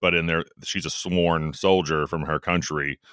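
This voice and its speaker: A man's voice: very deep voice, fairly even intonation, moderate pace, fairly bright tone, clear, resonant tone, no room sound, studio quality. A man co-hosting a podcast, chatting about a book in a rambling, enthusiastic way that trails off mid-sentence. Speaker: podcast co-host. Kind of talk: casual book discussion.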